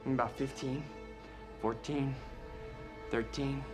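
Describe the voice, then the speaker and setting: An actor playing a smug young security analyst who taunts a man in fast, mocking talk. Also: medium pitch, fairly even intonation, music in the background, lightly acted. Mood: taunting. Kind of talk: video game acting. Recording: game audio with loud score.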